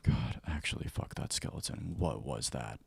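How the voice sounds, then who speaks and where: A man streaming a survival game as ASMR, whispering and speaking softly into a close mic, now and then flaring up in frustration, with keyboard and mouse clicks behind him. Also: rumbling low, lively intonation, normal speed, vocal fry, slightly rough. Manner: mostly whispered and soft, flaring into loud frustration. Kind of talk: ASMR gameplay livestream commentary.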